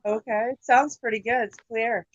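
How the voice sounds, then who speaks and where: A woman's voice: a little high, fairly even intonation, moderate pace, no room sound, muffled recording. A woman hosting a casual livestream chat. She sounds tired, swears often and laughs easily. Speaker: livestream host.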